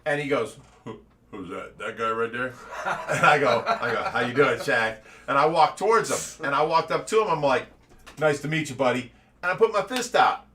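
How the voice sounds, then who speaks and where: A man from Ohio hosts a relaxed live stream and tells stories in an animated way, laughing often. His voice is bright and forceful and sits a little high. He sounds set back from the microphone. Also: fairly quick, far from the mic. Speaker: show host. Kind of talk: casual live-stream chat.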